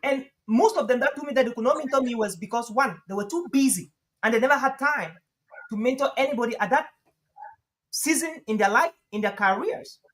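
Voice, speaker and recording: A man talking as a guest coach on a live stream, lively and emphatic, often laughing and repeating phrases for emphasis. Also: very high-pitched, fairly quick, poor audio. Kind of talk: conversational advice on a live stream.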